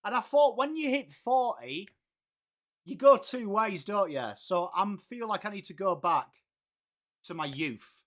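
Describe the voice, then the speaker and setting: A man's voice: high voice, animated, unhurried, fairly bright tone. An Englishman in his late thirties hosting a live stream, chatting casually and greeting viewers by name, calling everyone mate. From England. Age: late 30s. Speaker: livestream host.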